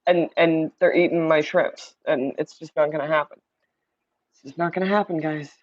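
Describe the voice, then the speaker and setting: Her voice is deep, with fairly even intonation and a moderate pace. She's a chatty livestream host from Indiana, USA, reading out viewer comments and saying hello to people by name in casual conversation. The recording from her streaming setup mic is muffled.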